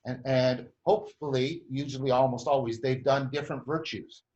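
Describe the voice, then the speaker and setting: A man's voice: mid-range voice, steady tone, normal speed, a little mellow, lo-fi sound. A man hosting a conversation, explaining a group process at length with many restarts and frequent tag questions. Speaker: host.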